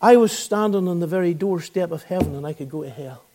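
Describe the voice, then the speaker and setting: Northern Irish male preacher, 60s, high-pitched, earnest and fervent gospel storyteller. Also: fast, warm tone. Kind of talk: gospel sermon testimony.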